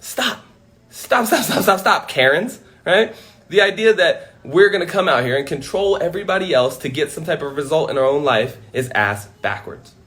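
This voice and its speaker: A man's voice: a little high, normal speed. A man on a casual livestream from home, talking emphatically and swearing freely into a phone. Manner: animated, profane, emphatic. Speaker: livestream host.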